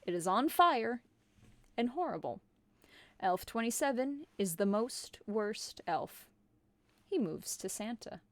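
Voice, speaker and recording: A woman streamer reading a silly holiday story aloud in a deadpan way. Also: fairly high pitch, takes it slowly, pauses often, no echo. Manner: deadpan, absurd.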